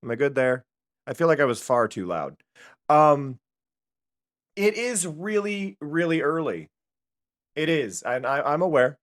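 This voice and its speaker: A man's voice: a little high, very animated, a little slow, pauses often. A man streaming live from home, chatting casually in a rambling way with many restarts.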